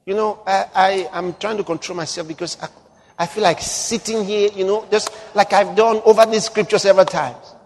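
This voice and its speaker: A man's voice: high-pitched, fairly even intonation, normal speed, in a large hall, slight background noise. A man preaching a sermon emphatically, his voice rising to fervent exclamations.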